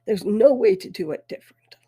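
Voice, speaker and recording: A middle-aged woman hosting a podcast, telling her own story in a halting, emotional way, her voice thick with tears. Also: mid-range voice, dark tone, slightly rough. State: weepy. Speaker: podcast host. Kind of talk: personal storytelling.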